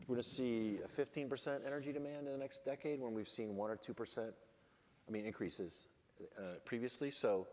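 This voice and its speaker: Low-voiced man, blunt, in a reverberant hall. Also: darkish tone. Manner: blunt, self-deprecating, wry. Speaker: lawmaker as panel guest. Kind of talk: candid panel conversation. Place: large event hall on stage.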